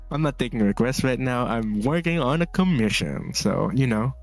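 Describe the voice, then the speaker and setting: A man from the Philippines chatting easily as he draws on stream, loose and rambling with frequent laughs. His voice sits in a middle pitch, and faint music plays under him. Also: moderate pace, gravelly. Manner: relaxed, rambling, laughs often, reads chat aloud. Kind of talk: casual chat while drawing.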